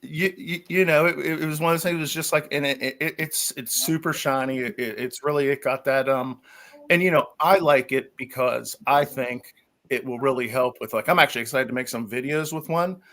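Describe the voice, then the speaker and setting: Excited rambling man on a livestream. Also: mid-range voice, brisk. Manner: enthusiastic, rambling with many restarts. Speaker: guest from a magnet fishing gear maker. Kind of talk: casual livestream chat.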